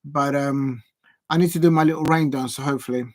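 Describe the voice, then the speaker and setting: A man hosting a live football watch-along on his channel, chatty and excitable and jumping to shouts at big chances. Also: a little high, a little fast, dry recording.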